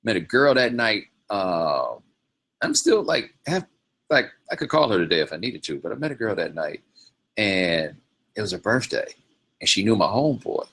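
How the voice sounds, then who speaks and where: A man's voice: on the low side, big pitch swings, moderate pace, a bit bright, breathy edge. A man hosting his own show, telling loose, rambling stories in a casual, slangy way with frequent laughs. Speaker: podcast host. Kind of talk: casual storytelling monologue.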